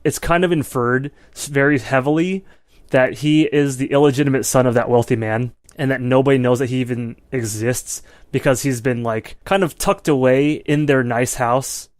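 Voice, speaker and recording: Steady and mid-range, this man's voice comes at a moderate pace through a dry, studio-quality recording. He co-hosts a laid-back film review podcast, chatting in long rambling runs heavy on "like" and "you know."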